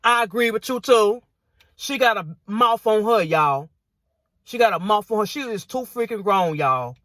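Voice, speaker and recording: A woman's voice: mid-range voice, animated, moderate pace, a bit bright, no echo, clean studio sound. A woman vlogger giving indignant reaction commentary on viewer comments, repeating herself and saying y'all often.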